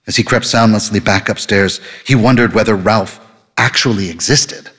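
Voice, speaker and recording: A man reading an audiobook novel aloud in scripted narration, with a lively, dry delivery. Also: on the low side, normal speed, slightly rough, in a large hall.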